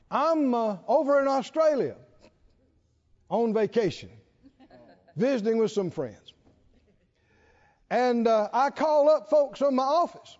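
A man preaching a sermon, animated and laughing often, drawing call-and-response from the congregation. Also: extremely high pitch. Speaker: pastor. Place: large church hall with congregation. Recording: dull lo-fi hall recording.

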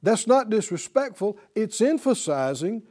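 High-voiced man teaching bible class, slow and emphatic, keeps asking the students questions. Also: sing-song, a little mellow.

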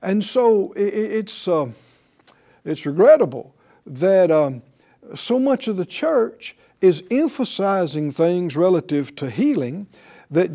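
A man teaching a Bible class in a slow, unhurried delivery. His voice sits fairly high for a man, yet it sounds mellow and soft. He keeps it conversational, throwing rhetorical questions at the class and chuckling between points.

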